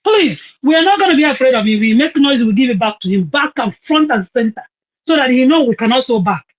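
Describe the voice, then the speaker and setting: High voice ranting mad, dull lo-fi audio. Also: animated, quick pace. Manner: angry, confrontational ranting.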